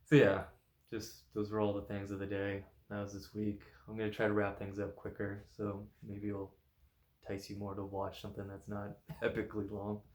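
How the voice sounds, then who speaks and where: A man in a casual weekly vlog, his voice sitting a little low. He rambles along with constant "like" and "you know" fillers. He laughs easily at his own jokes. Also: monotone, normal speed, a little mellow, reverberant. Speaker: vlogger.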